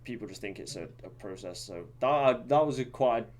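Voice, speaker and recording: A man's voice: medium pitch, lively intonation, a little fast, a little mellow. A man co-hosting a podcast, chatting casually and rambling with lots of fillers and restarts. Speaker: podcast co-host. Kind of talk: casual chat.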